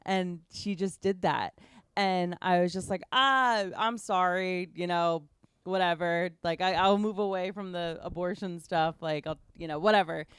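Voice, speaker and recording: A woman hosting a podcast, also a comedian, telling a story casually with fillers and animated asides. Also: on the low side, moderate pace, clear, resonant tone, no room sound, clean studio sound.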